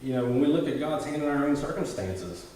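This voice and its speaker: A man reading a scripture passage and then explaining it in a relaxed, conversational teaching style, with frequent "you know" fillers and restarts. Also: medium pitch, a little fast, a little hiss or hum. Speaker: bible study teacher. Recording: roomy echo, voice from far off the mic.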